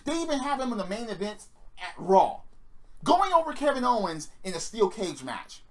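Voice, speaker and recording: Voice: medium pitch, big pitch swings, normal speed. A wrestling predictions vlogger delivering an angry, sarcastic rant full of swearing. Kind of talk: profane opinion rant.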